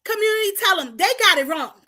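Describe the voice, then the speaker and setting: A community talk show host from Paterson, New Jersey, gives an impassioned, preacher-style address in a very high, bright, sharp voice, animated and fast. She speaks straight to viewers in call-and-response fashion, rallying them and repeating lines for emphasis.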